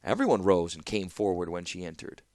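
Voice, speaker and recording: A man narrating a fantasy audiobook with expressive storytelling. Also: low-pitched, brisk, no echo, studio quality. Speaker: audiobook reader.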